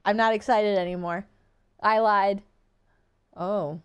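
A woman's voice: medium pitch, steady tone, slow, clear, resonant tone. A young woman streamer casually commenting while playing a game, gushing and easily startled. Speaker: gaming streamer. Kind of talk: casual let's-play commentary.

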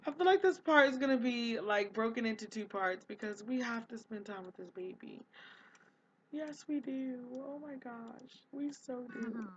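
A bright, higher-pitched woman narrates her game in an excitable, gushing rush, breaking into little quoted voices for her characters. The sound is a touch dull, with faint noise underneath. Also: a little slow. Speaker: let's play host. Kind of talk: casual gameplay commentary.

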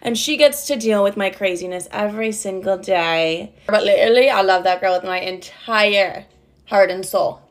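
A woman's voice: mid-range voice, normal speed. A young woman telling a casual storytime, chatty and profane, with "like" in nearly every sentence. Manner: chatty, profane, heavy use of filler "like". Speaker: content creator.

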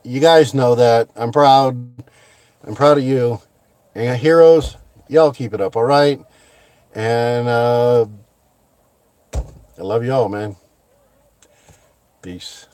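A middle-aged American man closing his window cleaning vlog with heartfelt thanks, talking slowly with many fillers and restarts. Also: mid-range voice, a little mellow, clear, resonant tone, no room sound. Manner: heartfelt, slow and halting with fillers. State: choked up. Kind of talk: casual vlog sign-off.

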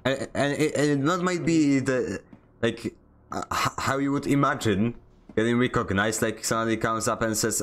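While streaming a video game, a man chats casually in a rambling, joking, self-mocking way, often stammering and restarting sentences. His voice is medium-pitched and a bit bright, at a normal speed.

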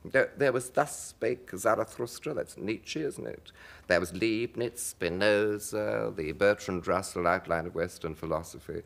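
A man in his fifties, a talk show guest telling stories in a theatrical, animated way. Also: measured pace, vocal fry. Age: 50s. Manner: theatrical, swooping into high mimicry in his stories. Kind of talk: anecdotal chat.

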